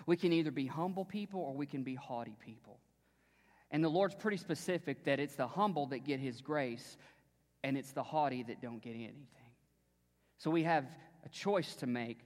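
A pastor, his voice sitting a little high for a man, preaches in a church sanctuary where long reverb trails after each phrase. He moves from easy, conversational storytelling to rising, emphatic declarations. On key phrases he drops to a hushed near-whisper. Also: moderate pace. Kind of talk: sermon.

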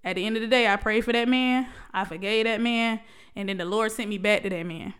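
Candid woman with a smooth voice, testifying. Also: medium pitch, a little fast, fairly bright tone. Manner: emotional, testifying, laughs often, many restarts. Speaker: vlogger sharing a personal story. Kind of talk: candid personal talk to camera.

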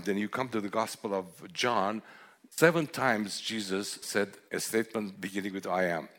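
Low-voiced man preaching a sermon. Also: fairly bright tone. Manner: earnest, reflective storytelling with scripture readings.

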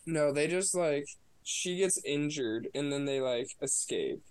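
A man's voice: a little high, expressive, a little slow, smooth, no room sound, low-quality recording. Sarcastic, profane man ranting about a movie. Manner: sarcastic, profane, mocking retelling. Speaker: podcast co-host. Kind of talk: casual movie review chat.

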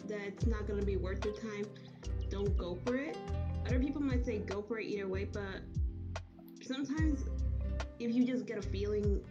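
A woman gives calm, measured, earnest advice in a casual podcast. The recording is dull and lo-fi, with clear music behind her voice. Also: mid-range voice. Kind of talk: casual chat, giving advice.

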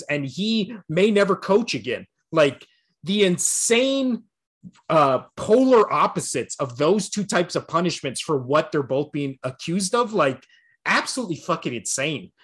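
A man's voice: fairly high pitch, sing-song, measured pace, husky. A man co-hosting a casual sports podcast, ranting bluntly with lots of swearing and laughter. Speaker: podcast co-host.

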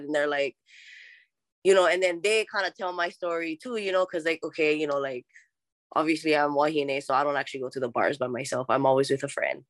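Podcast guest: young woman with a Hawaiian accent, relaxed and talkative, often laughing, dry close sound. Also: low voice, fairly quick, no room sound. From Oahu, Hawaii. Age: young adult. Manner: chatty, laughs often, mixes in Hawaiian words. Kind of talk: casual conversational interview.

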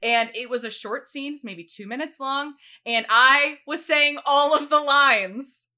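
A woman in her twenties co-hosting a podcast, telling animated stories in casual chat and laughing often. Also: high-pitched, measured pace. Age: 20s. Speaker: podcast co-host.

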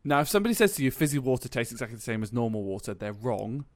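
A man's voice: medium pitch, big pitch swings, racing, no echo. Chatty man with a dry sound. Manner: chatty, laughs easily, some restarts. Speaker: podcast co-host. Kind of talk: casual chat.

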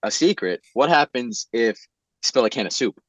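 A man's voice: mid-range voice, lively intonation, moderate pace, a bit bright, dry recording. A young man co-hosting a comedy podcast, playful and rambling, often laughing. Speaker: podcast co-host. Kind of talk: comedic casual chat. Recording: dry, slightly dull audio.

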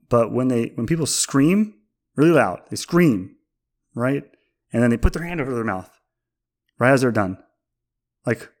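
Young man ranting with sarcastic indignation. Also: medium pitch. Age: young adult. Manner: sarcastic, rambling, mock-indignant. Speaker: vlogger. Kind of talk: casual comedic rant.

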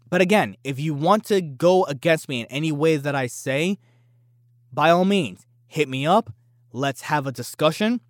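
A man's voice: a little high, no echo, studio quality. A man hosting a casual opinion podcast, talking in a brash, boastful and challenging way. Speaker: podcast host.

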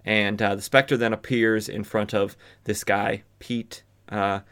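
A man with a fairly low voice talks through an old comic book story for his podcast. His delivery is loose and conversational, peppered with filler words. He drops in wry asides along the way. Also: little pitch movement, takes it slowly, fairly bright tone, clear, resonant tone. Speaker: podcast host. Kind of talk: casual comic book recap.

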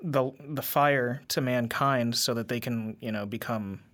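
Man, podcast co-host, casual film talk, slow delivery, bright forceful tone. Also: medium pitch. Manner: unhurried plot recap with fillers. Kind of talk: casual film review chat.

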